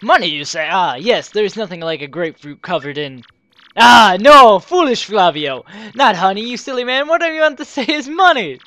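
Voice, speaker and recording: A woman's voice: medium pitch, animated, a bit bright, no room sound, natural voice. Woman hamming up a vain rich merchant. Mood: theatrical. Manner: grand, theatrical foreign-sounding put-on accent, slow drawn-out delivery. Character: flamboyant wealthy male merchant, vain and dramatic. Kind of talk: reading game dialogue aloud in character.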